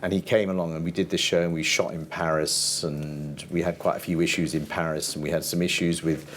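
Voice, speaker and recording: Older male TV producer, very deep voice, chatty anecdotal storyteller, faint background noise. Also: little pitch movement, brisk, fairly bright tone. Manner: rambling, laughs often, quotes people in voices. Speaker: TV format producer, interview guest.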